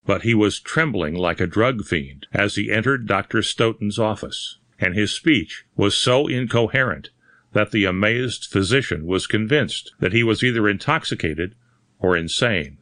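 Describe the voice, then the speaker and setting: Male audiobook narrator, lowish voice, measured delivery, dry booth sound. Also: expressive, fairly bright tone, no room sound. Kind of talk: audiobook reading of a pulp horror story.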